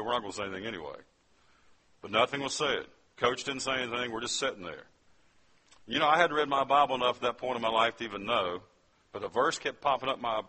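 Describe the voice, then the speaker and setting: Man telling his testimony in a sermon, bright sharp voice, kinda husky, keeps asking the crowd stuff. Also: mid-range voice. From West Virginia. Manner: storytelling, addresses the audience directly. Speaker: speaker giving a testimony.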